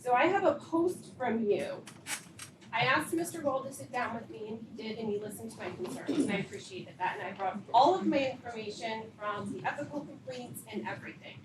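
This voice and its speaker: A woman's voice: a little high, fairly quick. A middle-aged woman, a parent, giving a public comment at a school board meeting and speaking emotionally and confrontationally. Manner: emotional, confrontational, rising intensity. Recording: echoey meeting room, distant mic, hiss.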